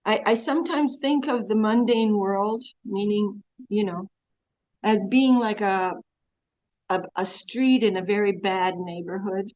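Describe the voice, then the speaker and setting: A woman's voice: medium pitch, a little mellow. A woman spiritual teacher giving an earnest devotional class talk over a video call, telling stories and quoting prayers. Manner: earnest, storytelling with many quoted prayers. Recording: dull lo-fi video call audio.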